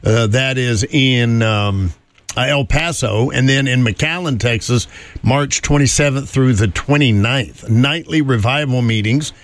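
A man's voice: medium pitch, a little slow. A man hosting a morning show, chatting casually and rambling with fillers and chuckles. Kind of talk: casual radio chat.

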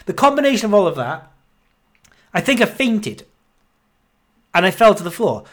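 Podcast host man, out of breath, self-mocking, fairly high voice. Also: big pitch swings, moderate pace. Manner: rambling, self-mocking, grumbling. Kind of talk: casual monologue.

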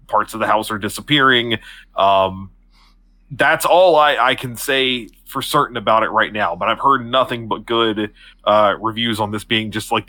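A man co-hosting a casual podcast, excitable and quick to curse. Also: fairly low pitch, no room sound. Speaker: podcast co-host.

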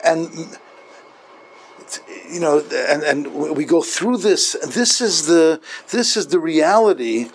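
A man, a rabbi, gives a sermon built around a story, speaking in halting phrases with frequent restarts. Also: on the high side.

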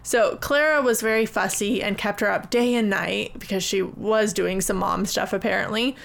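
A woman's voice: mid-range voice, moderate pace, vocal fry. A woman co-hosting a podcast, telling a history in a casual way with wry, dry jokes. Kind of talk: casual storytelling chat.

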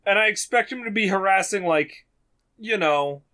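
A young man with a high, bright voice tells a story in loose, casual chat. He is animated and swears freely as he goes. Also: moderate pace. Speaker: podcast co-host telling a story.

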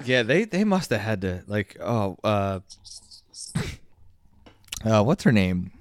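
A man's voice: fairly low pitch, sing-song, slow, no echo. A man co-hosting a casual movie chat, rambling and joking with some swearing.

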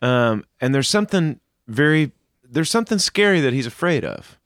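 A father co-hosting an advice talk, telling a personal story earnestly and with plenty of fillers. His mid-range voice moves a lot in pitch and sounds dry and close. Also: sing-song, normal speed, a bit bright, no echo. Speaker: co-host, a father.

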